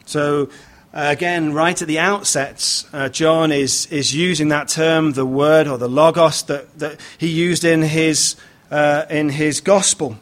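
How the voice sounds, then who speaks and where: A man with a slightly high voice delivering a sermon. He speaks in a measured, unhurried way, pausing on frequent fillers and restarting phrases as he reads and explains scripture. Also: fairly even intonation. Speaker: preacher.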